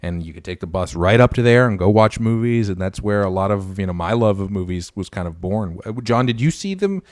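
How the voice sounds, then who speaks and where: A man's voice: on the low side, lively intonation, fairly quick, no room sound, studio quality. A young man from Canada co-hosting a podcast, chatting casually and reading out comments from viewers. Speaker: podcast co-host. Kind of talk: casual chat with live chat readers.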